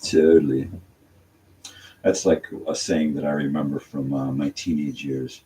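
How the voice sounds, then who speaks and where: An older man with a very low voice wanders through a casual, rambling monologue, stopping and restarting his thoughts. He sits some distance from the mic, and a faint hiss of room noise sits under his voice. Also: flat delivery, measured pace, mellow. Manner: meandering, talks through his songwriting with many fillers and restarts. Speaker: channel host.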